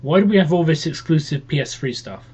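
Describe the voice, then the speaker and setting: A man's voice: fairly high pitch, animated, fast talker, a little mellow, husky. A man co-hosting a casual gaming podcast, making teasing jokes and butting in with complaints. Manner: teasing, keeps interrupting with jokes. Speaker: podcast co-host. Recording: dull lo-fi podcast audio.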